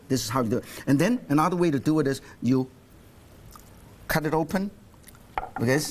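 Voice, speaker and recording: An older man hosting a cooking demonstration in a TV studio kitchen, exuberant and playful, speaking broken English. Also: medium pitch. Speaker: TV cooking show host.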